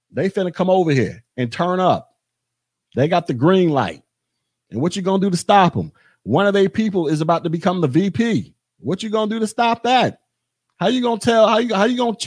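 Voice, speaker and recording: A man's voice: high voice, dry recording, studio quality. Blunt, ranting man on a podcast. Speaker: podcast host. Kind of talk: political commentary monologue. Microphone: podcast mic.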